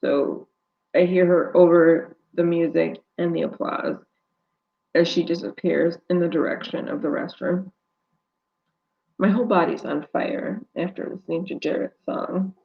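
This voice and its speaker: A woman's voice: fairly low pitch, fairly even intonation, measured pace, vocal fry, muffled recording. A woman author reading her novel aloud live, narrating steadily in first person.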